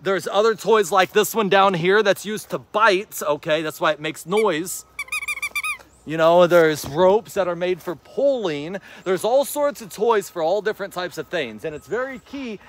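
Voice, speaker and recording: A man vlogging outdoors while he plays fetch with his dog. He gives casual, rambling advice to his viewers and calls out to the dog in an excited, encouraging voice. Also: high-pitched, a little slow, a little hiss or hum. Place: outdoors, in a yard.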